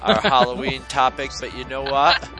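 Brief: male podcast host, lively, profane storyteller, mid-pitched voice, with music in the background. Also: moderate pace, low-quality recording. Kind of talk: casual storytelling.

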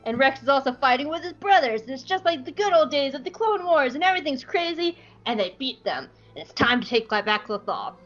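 Animated woman podcast host. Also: high-pitched, fairly quick, few pauses, faint music behind. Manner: animated, giggly storytelling. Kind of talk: casual fan-fiction retelling. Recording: dull lo-fi podcast audio.

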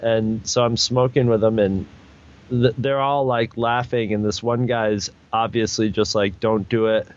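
A mid-range-voiced man, the storyteller guest, rambles through a long casual anecdote full of restarts and fillers, acting out what others said in raised voices. The sound is lo-fi.

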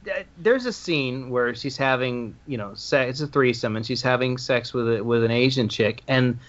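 A man co-hosting a podcast, chatting in an excitable, animated way and swearing freely. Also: medium pitch, moderate pace, dull audio. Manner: animated and excitable, swearing, reading aloud with relish. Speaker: podcast co-host. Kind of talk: casual chat.

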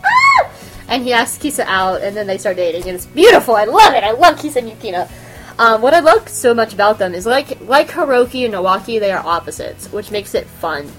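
Brief: excitable woman host, casual chat, laughs and swears freely. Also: mid-range voice, brisk, faint music behind. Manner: animated, giggly, profane fangirl gushing. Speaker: podcast host.

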